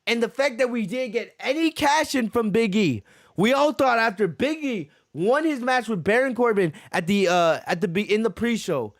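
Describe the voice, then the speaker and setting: High-voiced man ranting on a podcast. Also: animated, normal speed, dry recording, studio quality. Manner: ranting, repeats himself, profane. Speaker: podcast host. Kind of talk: heated wrestling show review.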